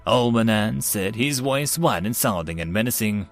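A man narrating a science-fiction web novel as an audiobook in a steady storytelling read. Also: lowish voice, moderate pace, few pauses, soft background music. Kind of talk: scripted narration.

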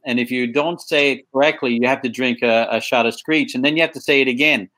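A man talking as an interview guest, unhurried, often repeating words as he starts a sentence. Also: mid-range voice, fairly even intonation, fairly bright tone, rough recording. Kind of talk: casual interview chat.

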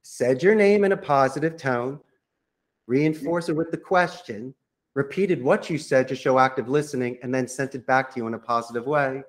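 A man who runs a call center, a guest on a podcast, coaching listeners on phone sales with lively acted-out sample calls. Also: mid-range voice, normal speed. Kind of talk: podcast interview, coaching monologue.

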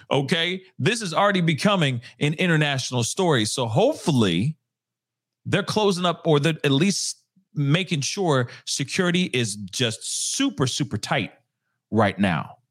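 A man's voice: a little high, sing-song, unhurried, a bit bright, slightly rough. A man hosting a casual live news commentary show, talking straight to his viewers and laughing at his own jokes.

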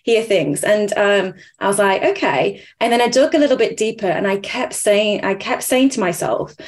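A woman hosts a podcast in a relaxed chat. She tells stories with energy and acts out what people said. Her voice sits at a middle pitch. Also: moderate pace. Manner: animated storyteller, acts out quotes. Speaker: podcast host. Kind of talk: casual interview chat.

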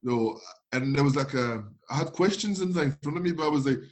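A man's voice: mid-range voice, quick pace. A young man, a former footballer telling stories in a casual chat, acting out dialogue and laughing often. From France. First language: French. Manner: animated storytelling, acts out dialogue, laughs often.

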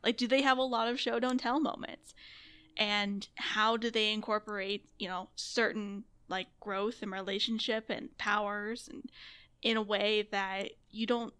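Bright-voiced, enthusiastic woman co-host. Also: mid-range voice. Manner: enthusiastic, laughs easily, many fillers. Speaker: podcast co-host. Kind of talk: casual chat.

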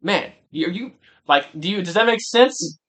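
A young man with a fairly high-pitched voice hosts a casual sports podcast. He argues his point over and over with insistent energy. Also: animated, a little slow, a bit bright. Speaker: podcast host.

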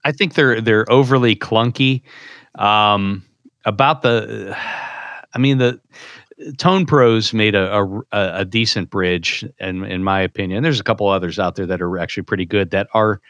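Lowish guy on a podcast, hesitant, lots of ums, dry close mic. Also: normal speed, fairly bright tone, no room sound. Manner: hesitant, fillers, searching for words. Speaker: co-host. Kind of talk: casual podcast chat.

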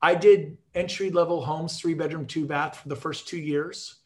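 Speaking a little high and at a moderate pace, a man addresses agents on a video call. His motivational talk is built around sales stories, delivered with energy, emphasis, and humor.

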